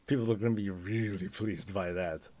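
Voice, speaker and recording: A man with a somewhat low voice talks casually on a gaming livestream. He rambles, restarts sentences and laughs easily as he chats with his viewers. He speaks into a desk microphone. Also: steady tone, moderate pace, mellow. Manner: rambling, self-interrupting, laughs often.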